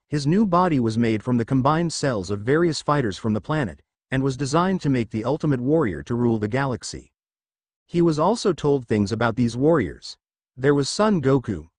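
A man narrating a fan fiction story in a steady storytelling manner. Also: medium pitch, no room sound. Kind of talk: fan fiction audiobook reading.

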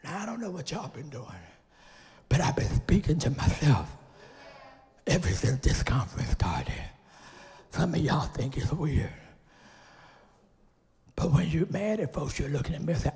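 A man's voice: fairly high pitch, big pitch swings, a little slow, pauses often, darkish tone. A man preaching as a bishop, exhorting the congregation with call-and-response, a little out of breath. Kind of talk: lively sermon. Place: church sanctuary. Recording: long church reverb.

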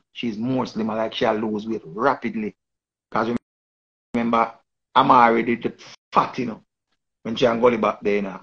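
A man's voice: fairly low pitch, a bit bright, slightly rough, highs cut off. A man with a Jamaican accent giving rambling casual commentary in patois, often repeating and restarting his phrases. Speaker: online commentator.

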